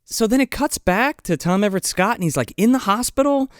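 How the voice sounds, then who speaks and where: A man's voice: sits high, sing-song, quick pace, hardly any pauses, a bit bright, smooth, no room sound, clean studio sound. A man casually recapping a bad movie for his co-hosts, rambling with lots of "like" and some swearing. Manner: rambling, heavy use of "like", swearing. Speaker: podcast co-host.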